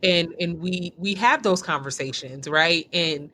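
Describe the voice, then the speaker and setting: A female podcast host speaking in a measured way during an interview conversation. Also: lowish voice, sharp tone, slight background noise.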